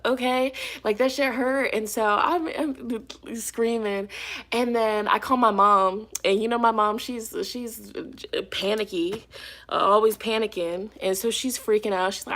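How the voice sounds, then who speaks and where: A woman's voice: fairly high pitch, steady tone, normal speed, a bit bright. A woman hosting her tarot channel, telling a personal story to camera in a casual, emphatic way and swearing freely. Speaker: tarot reader and channel host.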